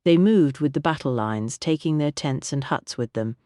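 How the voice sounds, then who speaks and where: A woman narrating a mystery audiobook with a low voice that rises and falls expressively. She tells the story with a lively storyteller's touch. The sound is close and dry, like a studio booth. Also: normal speed, dry recording.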